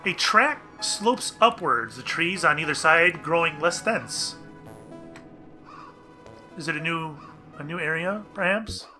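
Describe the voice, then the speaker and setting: A man's voice: a little high, expressive, slow, pauses often, pushed and bright, faint music behind. A young man casually commenting on a game for viewers, chatty and bemused, reading on-screen text aloud. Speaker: let's play gamer.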